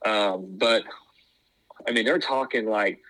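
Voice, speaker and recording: A man's voice: lowish voice, takes it slowly, fairly bright tone, no room sound, low-quality recording. A man chatting casually as a podcast co-host, rambling with lots of fillers and restarts. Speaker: podcast co-host, former wrestling tryout. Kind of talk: casual chat.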